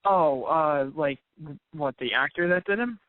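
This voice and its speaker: A man's voice: fairly high pitch, unhurried, no room sound. Laid-back man on a tinny line. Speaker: podcast co-host. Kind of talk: casual review chat. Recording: dry, tinny phone-like sound.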